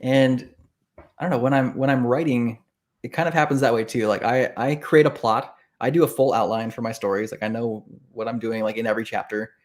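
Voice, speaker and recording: A man, an author guest in a casual interview, telling stories in an animated way and acting out the reactions he quotes. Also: medium pitch, a little fast.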